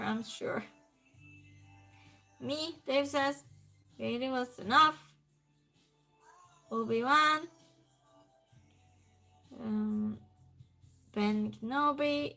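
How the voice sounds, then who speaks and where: A woman with a high, creaky, sharp-toned voice hosts a trivia night live stream in a casual, chatty way. She reads viewer comments aloud and greets people by name.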